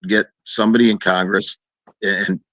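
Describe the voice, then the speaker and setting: A man's voice: moderate pace, no echo. A man telling a long story in a casual chat, acting out quoted people in a raised voice. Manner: animated, acts out quoted voices in a higher pitch.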